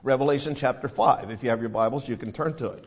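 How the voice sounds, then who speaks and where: A man's voice: mid-range voice, fast, breathy edge. A man with an American accent preaching a sermon, reading scripture and talking through hymns. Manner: singing hymn lines between teaching; reads scripture aloud.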